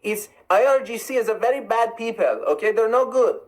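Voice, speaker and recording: A man's voice: very high voice, lively intonation, fairly quick, pitched above the performer's own voice. A man voicing an exaggerated Persian-accented speaker with broken, mocking grammar.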